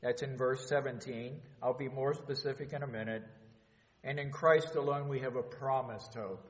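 A man's voice: mid-range voice, steady tone, moderate pace. A man preaching a sermon earnestly, stumbling now and then with fillers and restarts. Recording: echoey hall, dull lo-fi sound.

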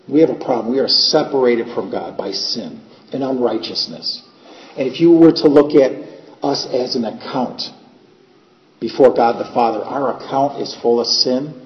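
A plainspoken male preacher delivers his sermon in a church with a long, ringing echo. The recording is dull and lo-fi, with a faint hiss underneath. His voice sits at a middling pitch. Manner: plainspoken, homely examples, repeats phrases. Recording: echoey hall, dull lo-fi sound, faint noise.

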